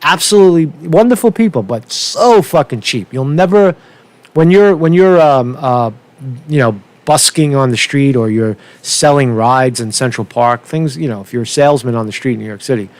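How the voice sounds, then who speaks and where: A man ranting unscripted on a political commentary vlog, profane and rambling, with halting restarts, repeated words, and a constant "right?" tag. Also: medium pitch, no echo. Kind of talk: unscripted rant.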